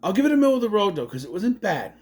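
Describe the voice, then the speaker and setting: Animated man recapping a movie. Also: high-pitched, rapid-fire. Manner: animated, swears, mocks scenes in exaggerated voices. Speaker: movie reviewer. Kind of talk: casual movie recap and review.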